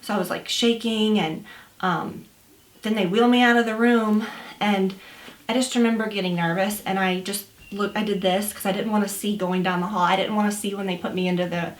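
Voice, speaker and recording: A woman's voice: mid-range voice, fairly even intonation, fairly quick. A young woman, a new mother, telling a story in a chatty, casual way with lots of fillers and quoted asides. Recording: roomy echo.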